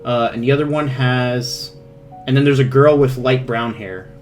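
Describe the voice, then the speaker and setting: A man's voice: medium pitch, steady tone, a little mellow, soft background music. Rambling man running a tabletop game. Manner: rambling, halting, many fillers and restarts. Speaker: game master.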